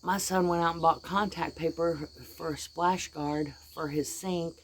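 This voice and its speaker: A woman's voice: on the low side, fairly even intonation, measured pace. Middle-aged American woman vlogger, rambling and exasperated, blunt talker who swears casually; faint hiss underneath. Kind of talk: casual venting monologue.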